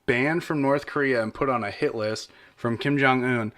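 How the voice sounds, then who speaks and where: A man's voice: mid-range voice, normal speed, fairly bright tone. A young man co-hosting a podcast, chatting loosely and swearing casually. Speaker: podcast co-host. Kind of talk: casual chat.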